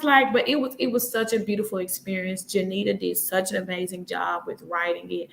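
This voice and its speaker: A woman in her twenties talks briskly with few pauses and some vocal fry, her voice mid-range. As a talk show guest in casual chat, she tells animated stories, acts out what people said and laughs frequently. The recording is rough, with slight hiss or hum.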